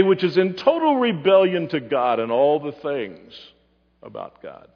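A man's voice: on the high side, very animated, unhurried. A man preaching a Bible-teaching sermon, quizzing his listeners and answering himself. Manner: asks the audience questions and answers them. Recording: muffled hall recording with long reverb.

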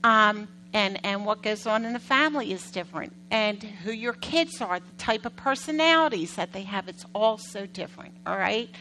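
Bright-voiced woman preaching with animated stories. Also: mid-range voice, normal speed, few pauses, a little hiss or hum, rough recording. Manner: animated, acts out quotes, asks the congregation questions. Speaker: pastor. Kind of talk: conversational sermon storytelling.

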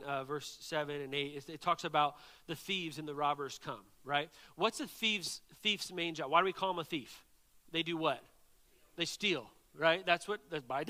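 A man preaching a sermon, telling a story in an animated way and often checking in with "right?" and "okay?". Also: a little high, in a large hall.

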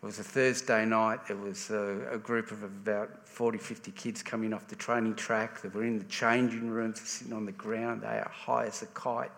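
A man's voice: on the low side, flat delivery, moderate pace, vocal fry, hardly any pauses, a bit bright. Australian man preaching in a reverberant hall. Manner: conversational, with frequent restarts. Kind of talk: sermon.

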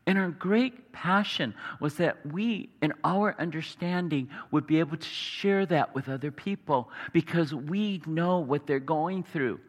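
A man preaching a sermon earnestly, sometimes dropping to a hushed tone. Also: fairly high pitch, a little slow, few pauses, long reverb tail. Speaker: pastor.

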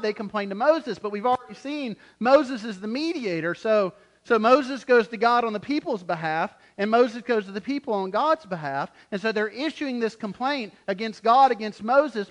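A man preaching a sermon as pastor, in an animated way, acting out quotes and often repeating words as he starts a phrase. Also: high voice, normal speed.

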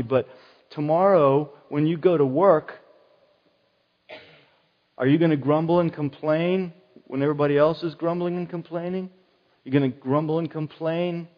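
An earnest middle-aged man preaches in a relaxed, conversational way and keeps circling back to his key phrases. His voice sits a little higher than most men's. The sound is slightly muffled and rings with the long reverb of a large hall. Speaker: pastor. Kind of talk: sermon.

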